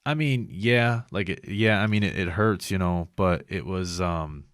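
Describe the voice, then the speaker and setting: A man's voice: sits low, measured pace, clean tone, dry recording, clean studio sound. A man hosting a podcast, telling rambling, profane stories in casual chat. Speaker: podcast host.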